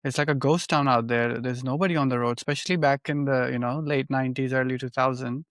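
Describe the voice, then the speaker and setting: Mid-pitched man hosting a casual chat. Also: steady tone, fast talker, dry recording, clean studio sound. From India. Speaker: podcast host.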